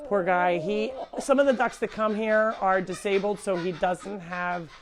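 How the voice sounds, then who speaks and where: Speaking a little slowly in a medium-pitched voice, a middle-aged woman hosts a relaxed live stream from her home animal sanctuary. She's chatty and switches to a sing-song baby voice when talking to her pets.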